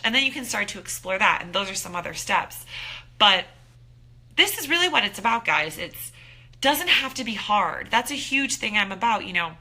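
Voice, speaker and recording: A woman in her thirties giving an upbeat, animated motivational talk as a wellness coach, acting out her own thoughts. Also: mid-range voice, normal speed.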